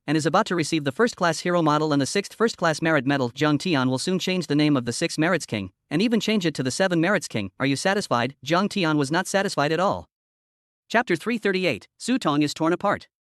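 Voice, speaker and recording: A man narrating a story recap in a rapid, even storytelling read. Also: fairly high pitch, no room sound, clean studio sound.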